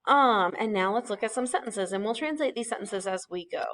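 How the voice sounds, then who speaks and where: A woman's voice: medium pitch, brisk, fairly bright tone. Patient woman teaching a lesson. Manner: patient, explanatory, with fillers and self-corrections. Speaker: Spanish teacher. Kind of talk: recorded classroom lesson.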